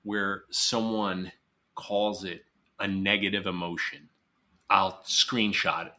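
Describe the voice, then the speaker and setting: A psychologist guest in a podcast interview, talking earnestly and emphatically, sometimes acting out quoted voices. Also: male voice, low-pitched, flat delivery, slow, pushed and bright.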